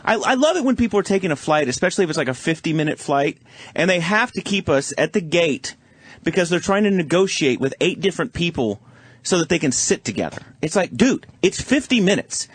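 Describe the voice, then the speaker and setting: A man's voice: a little high, very animated, fairly quick, husky, no room sound. Profane, mocking radio host man. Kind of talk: casual crude studio banter. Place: radio studio. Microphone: studio microphone.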